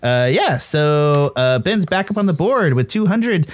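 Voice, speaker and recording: Trivia host, male, slightly high pitch, jokey and teasing with the players. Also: sing-song, unhurried. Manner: joking, teasing, reads clues aloud. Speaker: quiz host. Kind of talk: casual trivia game hosting.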